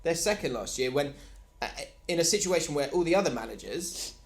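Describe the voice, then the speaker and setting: A man's voice: fairly high pitch, expressive, vocal fry. Chatty Cockney podcast guy. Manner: chatty storyteller, quick asides and laughs. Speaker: podcast co-host. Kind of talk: casual chat.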